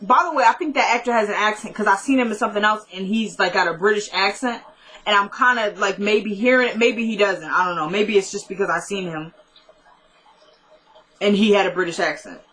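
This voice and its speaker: A woman's voice: medium pitch, a little fast, fairly bright tone. A woman casually retelling a TV episode, chatty and full of fillers like "like" and "she goes". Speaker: TV recap vlogger.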